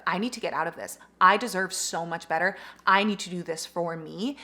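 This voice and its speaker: A young woman chats through her monthly book wrap-up in a casual, gushing way. Her voice sits slightly low for a woman, and she fills her speech with "like" and slang as she raves about characters. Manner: gushing, animated, slangy with lots of "like". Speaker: book vlogger. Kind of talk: casual book review chat.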